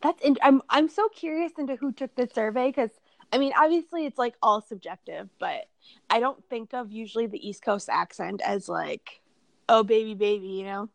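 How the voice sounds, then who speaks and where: A young woman from southern Minnesota chats casually and asks curious questions, with many "like"s along the way. Her voice sits a little high. The recording is dry and close. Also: normal speed, vocal fry, dry recording. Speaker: podcast co-host. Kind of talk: casual chat.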